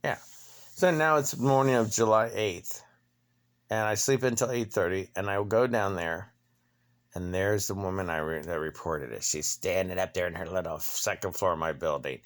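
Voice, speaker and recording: A man's voice: low-pitched, normal speed. A man in his fifties ranting, telling an angry personal story in a profane, indignant voice and playing out both sides of the argument. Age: 50s. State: limping, needs knee replaced. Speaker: vlogger.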